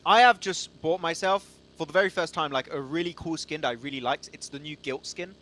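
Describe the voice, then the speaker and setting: A man casting a live esports match in a chatty, excitable way, laughing often. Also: a little high, fairly quick. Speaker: esports caster.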